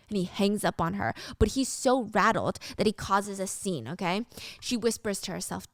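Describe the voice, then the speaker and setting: A woman recapping a drama in casual, animated storytelling with slang. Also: medium pitch, normal speed, no echo, studio quality. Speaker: recap host.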